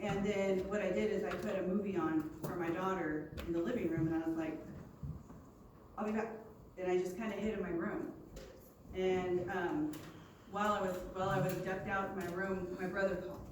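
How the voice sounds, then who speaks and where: A woman's voice: fairly low pitch, fairly even intonation, normal speed. A woman in her forties, a youth leader, telling a personal story to a youth group and acting out the quotes with animation. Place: church youth room. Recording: echoey room from far off with noise.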